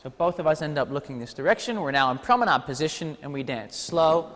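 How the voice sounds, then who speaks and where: A man teaching a ballroom dance class, counting steps aloud with energetic encouragement and playful asides. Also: fairly high pitch, quick pace, long reverb tail. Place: dance studio hall.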